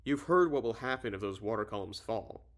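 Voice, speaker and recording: A man's voice: on the low side, lively intonation, a little fast. A man reading the lines of a worried male president on the phone, asking pressing questions in a tense, plain voice.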